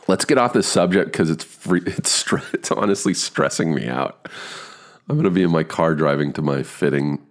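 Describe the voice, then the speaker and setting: A man in his fifties with a rich baritone voice, rambling casually as a podcast host, swearing and poking fun at himself. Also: animated, moderate pace. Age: 50s. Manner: rambling, swearing, self-deprecating. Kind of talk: casual monologue.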